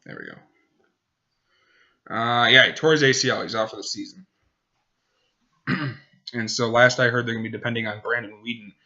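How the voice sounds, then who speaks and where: A man's voice: medium pitch, steady tone, normal speed, long pauses, bright, forceful tone, muffled recording. A man hosting a casual sports podcast, rambling and correcting himself as he goes. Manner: rambling, self-correcting, talks to his dog. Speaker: podcast host.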